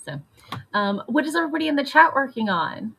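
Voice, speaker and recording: A woman hosting a relaxed stream, telling stories in a chatty way and acting out what others said. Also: sits high, a little fast, creaky, a little hiss or hum. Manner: chatty storyteller, animated quoting. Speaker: stream host. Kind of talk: casual chat.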